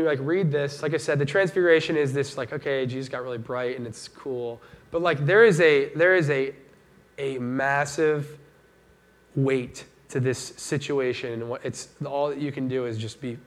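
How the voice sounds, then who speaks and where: This casual sermon comes from a man whose voice is medium in pitch and whose pace is moderate. He keeps it conversational and animated, voicing the people he quotes.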